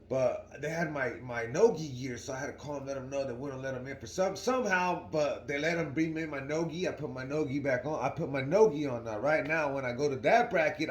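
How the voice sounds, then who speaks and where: A man's voice: medium pitch, roomy sound, a little hiss or hum. A young man telling a story casually to his viewers in a slangy, rambling way, often asking "right?". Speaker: vlogger.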